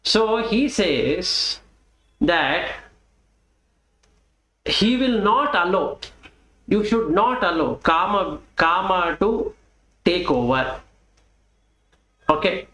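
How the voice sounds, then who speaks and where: A man's voice: high voice, expressive, very slow, pauses often, sharp tone, roomy sound, low-quality recording. A man with an Indian accent giving a Dhamma talk as a Buddhist teacher, explaining step by step and putting questions to the listener.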